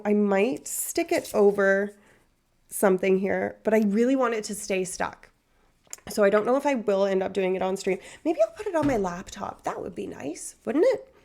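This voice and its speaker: A woman's voice: medium pitch, creaky, a little mellow. A young woman in her twenties streaming from home, chatting casually and rambling with lots of fillers. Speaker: livestreamer. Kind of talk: casual livestream chat.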